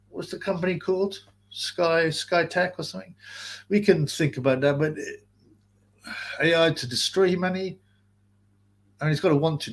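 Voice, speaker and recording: Male streamer, husky voice, mid pitch, loose sweary rambling commentary. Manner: rambling, profane, restarts sentences often. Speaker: boxing channel host. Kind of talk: casual live-stream rant.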